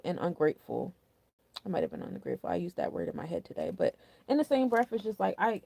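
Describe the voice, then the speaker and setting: A young woman talks through a spiritual forecast in a relaxed, chatty way, full of slang and easy fillers. Her voice has a gravelly, fry-tinged edge with a dark, mellow tone. The sound is dry and close, with no room echo. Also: medium pitch. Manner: chatty and candid, with loose slang and frequent "like". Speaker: astrology and numerology host. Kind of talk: casual spiritual forecast talk.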